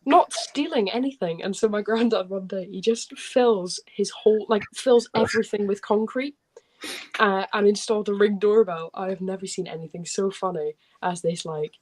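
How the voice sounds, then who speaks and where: A woman's voice: medium pitch, moderate pace, a little mellow, poor audio. A woman chatting casually on a live stream, telling an amused story.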